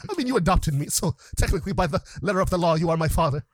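A man co-hosting a podcast in casual chat, excitable and riffing with mock dialogue. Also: fairly high pitch, racing, dry recording. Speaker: podcast co-host.

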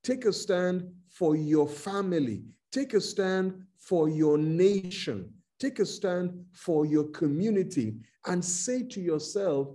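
A Nigerian man delivers a sermon in a high, mellow voice. He speaks slowly and emphatically, drawing out each phrase. His tone is warm rather than bright. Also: animated. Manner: slow, emphatic preaching with dramatic retelling. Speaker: preacher.

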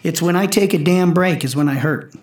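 A powerlifter and coach in his forties talks intensely in casual conversation, cursing and acting out his own quotes. His voice is on the high side and brisk, with a roomy sound.

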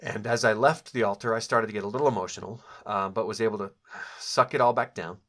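Man telling a personal memory, low voice. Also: fast, fairly bright tone. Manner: reflective, candid, with frequent fillers and self-corrections. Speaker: author telling his own story. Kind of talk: personal storytelling, memoir recollection.

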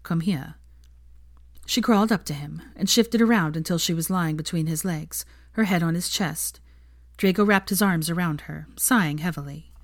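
A woman narrating fan fiction in a calm, measured, quiet reading voice. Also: on the low side, dry recording, clean studio sound. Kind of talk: audiobook narration.

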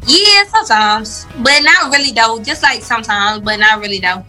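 A woman's voice: on the high side, animated, normal speed, sharp tone, soft background music, low-quality recording. A young woman from Atlanta with a strong Southern accent, chatting casually as an interview guest and leaning on "like" a lot. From Atlanta, Georgia, US. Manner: loose, filler-heavy talk with frequent "like". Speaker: guest musician.

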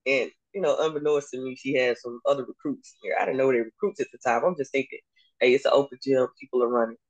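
Animated woman coach telling her story. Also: very deep voice, quick pace, low-quality recording. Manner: animated, acts out dialogue, laughs often. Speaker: basketball coach and podcast guest. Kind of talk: casual storytelling interview.

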